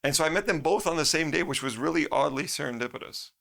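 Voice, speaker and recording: A man's voice: fairly high pitch, quick pace, gravelly. A middle-aged man telling a story as a podcast guest, rambling and laughing often. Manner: rambling, laughs often, animated when quoting. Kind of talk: casual storytelling.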